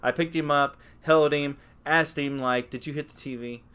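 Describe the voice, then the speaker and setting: Profane, animated man telling stories. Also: a little high, normal speed, smooth. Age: 30s. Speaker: podcast co-host. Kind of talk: casual chat.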